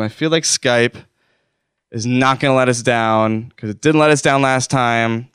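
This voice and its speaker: A man's voice: medium pitch, fairly bright tone, clear, resonant tone, dry recording, studio quality. Rambling mock-wounded comedy host, man. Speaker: call-in show host. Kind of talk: comedic call-in show banter.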